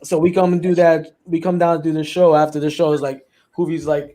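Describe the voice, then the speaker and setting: A man's voice: on the high side, steady tone, brisk, few pauses, mellow. A male podcast host in a casual interview, talking loosely and repeating himself while he steers the conversation.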